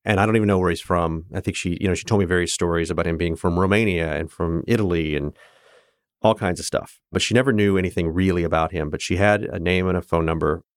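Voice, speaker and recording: A man's voice: low-pitched, fairly even intonation, fast talker, no room sound, studio quality. A man in his fifties from Kansas, a guest telling his own story earnestly and reflectively, with hesitant restarts. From Kansas, USA. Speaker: interview guest. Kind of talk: personal storytelling in conversation.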